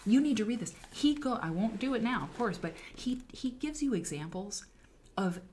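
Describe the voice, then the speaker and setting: A woman hosting a casual livestream, talking about writing in an animated, emphatic way with chatty asides. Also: medium pitch, moderate pace, slight background noise. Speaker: host.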